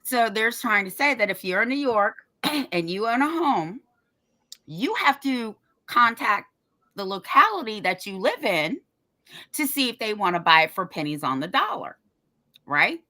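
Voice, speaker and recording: A woman co-hosting a podcast, telling a story in a defiant, animated way and swearing freely. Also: fairly high pitch, measured pace. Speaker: podcast co-host.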